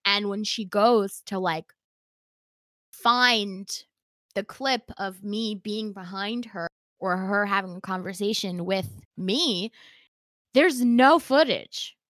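A woman's voice: mid-range voice, slow pace, no room sound, studio quality. A woman telling a story in casual chat, acting out the quoted lines with lots of "like" fillers. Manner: animated, acts out quoted dialogue, many "like" fillers.

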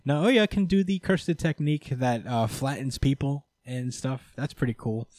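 A man's voice: mid-range voice, moderate pace, dry recording, studio quality. A man casually recapping a manga chapter for friends, acting out the characters' lines and swearing freely. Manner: animated storytelling, acts out characters' lines, swears. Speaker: podcast host recapping manga. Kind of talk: casual chat.

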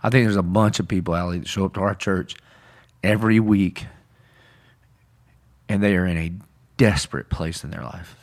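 A man's voice: sits low, fairly even intonation, normal speed, pauses often. A man, a pastor, talking through a Bible story in conversation, earnest and casual, acting out quoted lines with rising intensity. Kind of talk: sermon-style podcast discussion.

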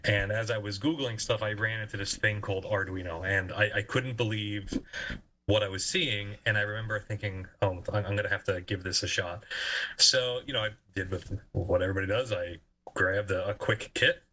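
A man's voice: on the low side, fairly even intonation, moderate pace, pushed and bright, poor audio. A man who works as an engineer, answering interview questions in a casual, enthusiastic way. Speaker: guest engineer.

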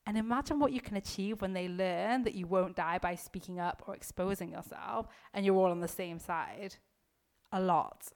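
A woman's voice: mid-range voice, normal speed. A woman mindset coach in casual motivational talk, chatty and filled with "like", emphatic and direct with the listener, swearing now and then. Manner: chatty, heavy use of "like", occasional swearing.

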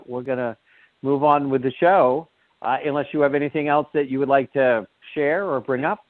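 A man's voice: mid-range voice, dry recording, phone-quality sound. A man hosting a live call-in radio show, joking and rambling with lots of fillers.

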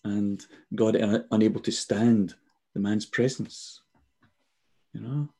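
Man, sixties, dark mellow tone, husky, animated storytelling, video call. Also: lowish voice, slow. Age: 60s. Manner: animated storyteller, acts out quoted voices. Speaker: guest. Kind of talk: casual faith conversation.

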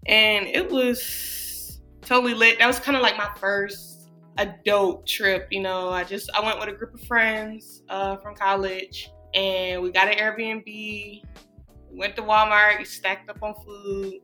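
A woman's voice: mid-range voice, flat delivery, a little slow, sharp tone, soft background music. A woman, chatting casually as a podcast co-host, rambling and laughing often. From Atlanta, USA. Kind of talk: casual chat.

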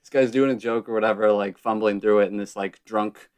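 A man's voice: lowish voice, a little fast, clean tone. Storytelling young man on a comedy podcast. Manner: storytelling, animated, acts out quoted lines loudly. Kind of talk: casual comedic chat.

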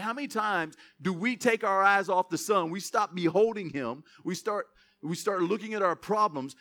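A man preaching a lively sermon in church, reading scripture and mixing in joking asides to the congregation. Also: high-pitched. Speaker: pastor.

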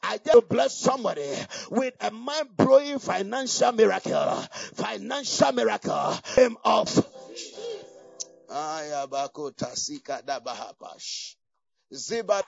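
A man preaching a charismatic sermon with fiery, shouted declarations and bursts of tongues. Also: extremely high pitch, vocal fry, dry recording. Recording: dull lo-fi, distant from mic, dry.

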